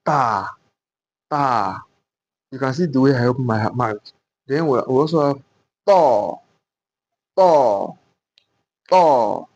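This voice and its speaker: In a classroom with a board, a man gives a Qur'an pronunciation lesson in a medium-pitched, darkish voice; the recording is dry with the highs cut off. He goes slowly and repetitively, drilling each letter sound aloud several times and often asking himself a rhetorical "what?" before answering.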